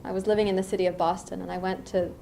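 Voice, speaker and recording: A middle-aged woman from the US East Coast, giving a reflective dharma talk as a meditation teacher, unhurried with lively asides. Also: medium pitch, vocal fry, a little hiss or hum.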